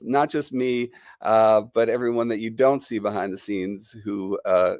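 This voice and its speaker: A middle-aged livestream host from New Jersey, still getting over a cold, chats and rambles casually while greeting viewers. The recording is dry and close, and his medium-pitched voice has a darkish tone.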